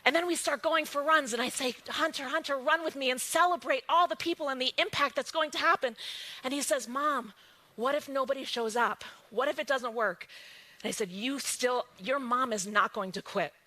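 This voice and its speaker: A woman giving an emphatic motivational testimony, swinging from hushed lines to exclaiming ones. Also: sits high, moderate pace. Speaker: guest speaker sharing her story.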